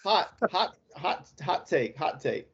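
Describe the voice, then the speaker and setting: Joking guy on a sports podcast, bouncy highish voice, kinda muffled sound. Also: very animated, slow pace, slightly rough. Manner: joking, teasing. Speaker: podcast co-host. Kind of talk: casual sports talk.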